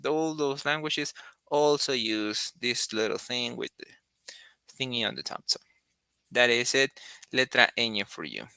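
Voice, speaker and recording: Man, very bright crisp voice, casual lesson. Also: medium pitch, lively intonation, a little slow, no room sound. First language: Spanish. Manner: thinks aloud with frequent restarts and fillers. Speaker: Spanish teacher.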